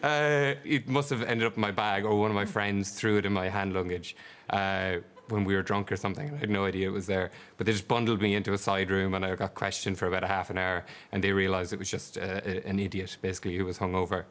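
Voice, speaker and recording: A man's voice: sits low, flat delivery, fast, fairly bright tone. A man in a TV studio telling a rambling anecdote, hesitant, with many fillers. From Ireland. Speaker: audience member telling a story. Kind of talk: casual anecdote.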